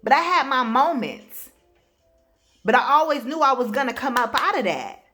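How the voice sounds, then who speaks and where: A woman's voice: high-pitched, expressive, moderate pace, bright, forceful tone, soft background music. A woman speaking as a spiritual life coach, giving a casual motivational talk in a blunt, emphatic way, addressing the listener directly.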